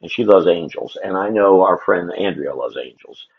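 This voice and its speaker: At normal speed but expressively, a man with a low, creaky, breathy-edged voice rambles to himself and his viewers while drawing live. His casual stream chat comes through in dull, lo-fi audio.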